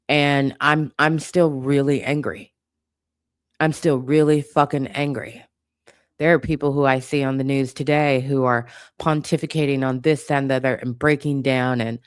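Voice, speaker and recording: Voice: mid-range voice, steady tone, moderate pace, no room sound, studio quality. A channel host giving an impassioned commentary monologue, blunt and profane, hammering points home with repetition.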